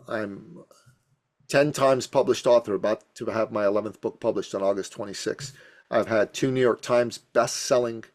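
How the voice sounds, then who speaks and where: In a podcast interview, an Iranian business coach in his fifties gives motivational storytelling with an emphatic, punchy rhythm. His voice is mid-range with a darkish tone.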